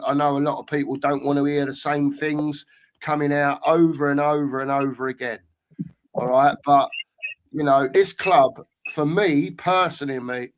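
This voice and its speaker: A man, hosting a livestream fan chat and ranting passionately with heavy swearing. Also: fairly high pitch. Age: 50s. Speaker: show host.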